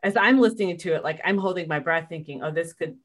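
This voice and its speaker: Woman host, thoughtful and empathetic, lowish voice. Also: quick pace. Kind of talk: interview conversation.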